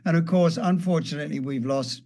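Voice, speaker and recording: An older man in a casual reminiscing conversation, warm toward his old bandmate and quick with a light joke. His voice sits a little higher than average, and he speaks at an unhurried pace. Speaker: guest, guitarist.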